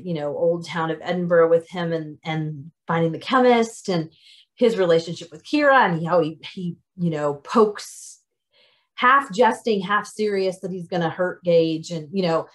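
Woman, lowish voice, chatty author talk, middle-aged, many ums and restarts. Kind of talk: casual talk about her novels, then reading aloud.

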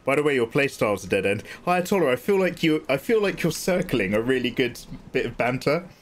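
A man's voice: mid-range voice, expressive, brisk, a little hiss or hum. A man doing live gameplay commentary as a streamer, joking with and teasing back at his viewers.

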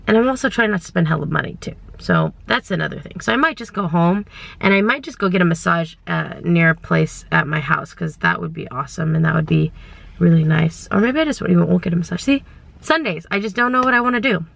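A young woman, vlogging casually from her car and around stores, rambling and indecisive, getting excited as she talks. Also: lowish voice, fast, gravelly, dry recording. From California. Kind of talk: casual vlog chat.

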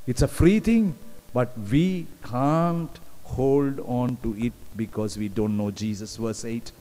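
A man's voice: medium pitch, a little mellow. A man preaching a sermon, repeating phrases and putting questions to the congregation. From Sri Lanka. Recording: long hall reverb, live stream.

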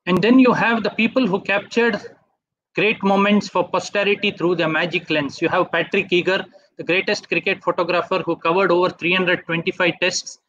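A man giving a webinar talk, walking through slides in a measured way. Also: high-pitched, steady tone, fairly bright tone, no room sound. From India. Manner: measured, asks for next slide often. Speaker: webinar speaker. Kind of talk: slide presentation lecture. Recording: dull dry online audio.

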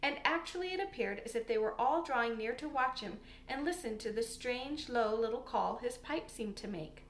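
A woman reading a storybook aloud in a calm, measured way. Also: a little high, a little hiss or hum. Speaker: audiobook reader. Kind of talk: scripted storybook narration. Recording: roomy echo.

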